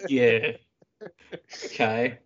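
A man co-hosting a casual film-review podcast, cracking wry jokes and acting out quick asides. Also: medium pitch, steady tone, muffled recording, heavy background noise. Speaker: podcast co-host.

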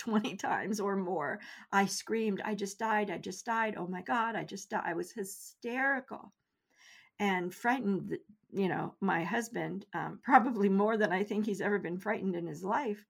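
Interview guest, middle-aged woman, earnest and measured storyteller. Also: mid-range voice, creaky, breathy edge.

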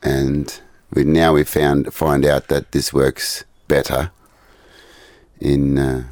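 A man's voice: extremely low pitch, little pitch movement, slow, a little mellow, no echo. A man from Australia, a touring musician, chatting modestly and easily in a radio studio interview with light laughs.

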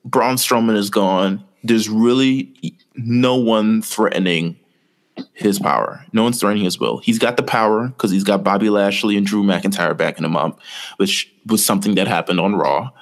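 A man's voice: on the low side, normal speed. A man co-hosting a podcast, casually rambling through a story with lots of fillers. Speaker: podcast co-host. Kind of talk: casual chat.

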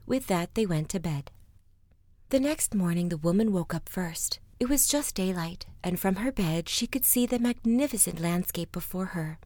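A woman reading a fairy tale aloud, slipping into soft whispers at times. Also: fairly low pitch, lively intonation, normal speed, no room sound. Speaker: storyteller.

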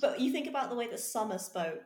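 Animated woman co-host, roomy sound. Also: a little high, fast talker. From England. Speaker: podcast co-host. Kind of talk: casual chat. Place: London.

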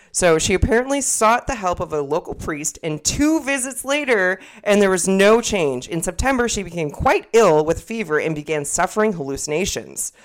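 A young woman co-hosting a podcast in casual chat, rambling and swearing freely, often restarting her sentences. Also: medium pitch. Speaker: podcast co-host.

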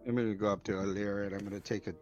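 A man's voice: lowish voice, flat delivery, rapid-fire, a little mellow. A man playing in a tabletop role-playing game, speaking in an offhand, dry way as he declares his moves. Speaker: player. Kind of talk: casual tabletop game play. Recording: dull lo-fi mic with faint music behind.

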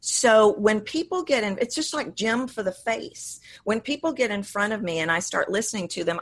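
A woman's voice: mid-range voice, a bit bright. A woman voice coach, a guest in an interview, explaining her work and acting out examples mid-sentence.

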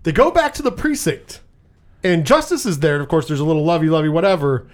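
A podcast host with a fairly high voice leads a casual movie review chat, animated and profane. He acts out scenes by slipping quickly into put-on voices.

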